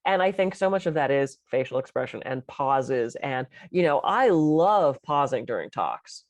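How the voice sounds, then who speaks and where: A middle-aged woman co-hosting a podcast in casual chat, an animated and expressive storyteller. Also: a bass voice, normal speed, no room sound. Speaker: podcast co-host.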